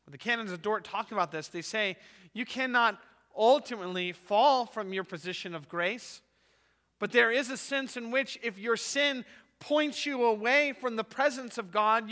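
A man's voice: very high-pitched, pushed and bright, in a large hall. A male pastor preaching a sermon in an emphatic way, often ending his points with a rhetorical "right?".

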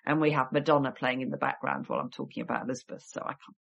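A woman's voice: very deep voice, steady tone, very fast, vocal fry, a bit bright, muffled recording. A woman historian with a cold, telling stories in a chatty podcast interview with wry asides. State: has a cold. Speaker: guest historian and author.

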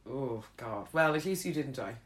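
A woman's voice: very deep voice, expressive, moderate pace. A young woman in casual chat, trading playful quips and laughing easily.

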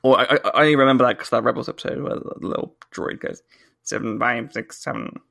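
A man co-hosting a podcast in casual chat, animated and ranting quickly with bursts of laughter. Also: mid-range voice, creaky. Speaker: podcast co-host.

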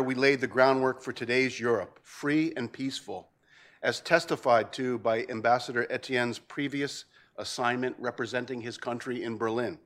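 A man, the president of a policy institute, opening an event with a measured, ceremonious prepared welcome speech. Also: medium pitch, fairly bright tone.

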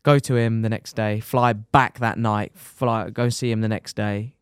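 Young racer telling a crash story. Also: male voice, lowish voice, unhurried, smooth, dry recording, studio quality. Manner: animated storyteller, swears freely, says "mate" often. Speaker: podcast guest, motorcycle racer. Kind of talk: casual storytelling chat.

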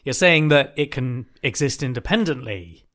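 A man's voice: medium pitch, lively intonation, moderate pace, a bit bright. A man co-hosting a comedy podcast, throwing in dry, sarcastic quips. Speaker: podcast co-host. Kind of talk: casual comedic chat.

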